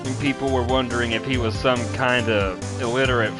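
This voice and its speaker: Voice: mid-range voice, steady tone, a little fast. A streamer giving blunt, candid live game commentary, swearing freely. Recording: stream audio with game music behind.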